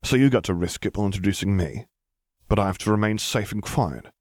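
A man's voice: lowish voice, fast talker, a little mellow, dry recording, clean studio sound, close to an everyday voice. A man voicing an icy, defiant young man arguing with his father in clipped, cold retorts. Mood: cold bitter.

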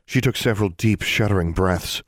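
A man narrating a story in a steady, even reading voice. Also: fairly low pitch, fairly quick, no room sound. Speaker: audiobook narrator. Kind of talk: scripted narration.

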